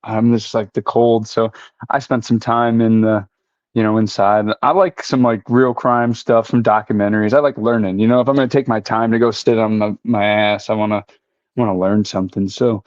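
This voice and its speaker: A man's voice: fairly low pitch, steady tone, normal speed, no room sound. A man as a podcast guest, laid-back and casual, leaning on "you know" and "like". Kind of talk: casual chat. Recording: dry, dull lo-fi audio.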